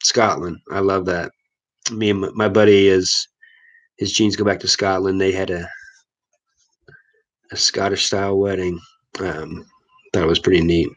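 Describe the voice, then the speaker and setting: Laid-back man from Missouri, low voice. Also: level tone, a little slow, long pauses, rough recording. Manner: laid-back, rambling, chuckles often. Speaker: livestream host. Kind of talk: casual live chat with viewers.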